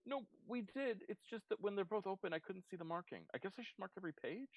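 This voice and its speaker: A man's voice: high voice, expressive, quick pace, a little mellow, dry recording, lo-fi sound, pitched above the performer's own voice. A man voicing a sheepish, nervous young cook in a tabletop game, apologetic and hesitant.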